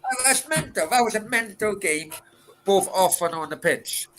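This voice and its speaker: A man's voice: high-pitched, animated, moderate pace. A man hosting a late-night Q and A, chatting casually in a rambling, crude way full of swearing and restarts. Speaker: livestream host answering chat.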